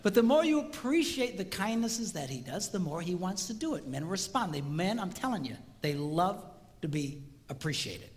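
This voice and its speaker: A middle-aged man with a high voice gives a comedic talk on marriage to a live audience at normal speed. He's animated, acts out voices, and jokes with the crowd; the recording has hall reverb with faint ambience and a little hiss or hum.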